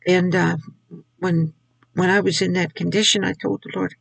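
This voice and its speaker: An older woman shares her faith testimony, slowly and haltingly, often repeating herself. Her voice is gravelly and a little husky. It is recorded close and dry. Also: lowish voice, flat delivery, no echo, poor audio. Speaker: Christian video speaker.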